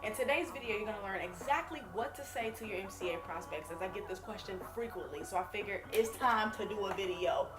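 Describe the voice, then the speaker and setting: A woman's voice: mid-range voice, animated, fast talker, hardly any pauses, music in the background. A woman business coach giving direct, emphatic advice in a casual video lesson. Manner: direct, emphatic, self-correcting. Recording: echoey room.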